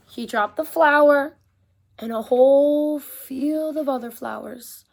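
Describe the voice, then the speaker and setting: A woman's voice: high voice, creaky. Woman reading a storybook to kids. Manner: animated, pausing to talk to young listeners. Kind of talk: reading a picture book aloud to children.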